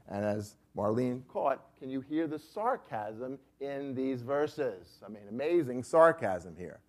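A man's voice: medium pitch, big pitch swings, takes it slowly, hardly any pauses. A man teaching a Bible study class, emphatic and repeatedly checking in with his listeners.

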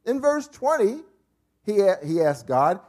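A man leads a Bible class in a lively, swooping voice that rises and falls freely. His pitch sits a little high for a man. He talks emphatically and keeps checking in with the group as he teaches. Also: unhurried.

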